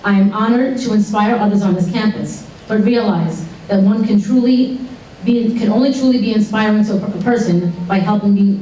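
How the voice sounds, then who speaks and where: A woman giving an earnest, measured speech and stumbling over a few words. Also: medium pitch, warm tone, slight background noise. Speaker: award recipient giving a speech. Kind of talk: prepared speech. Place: college dining room at an evening event. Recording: echoey room, distant mic.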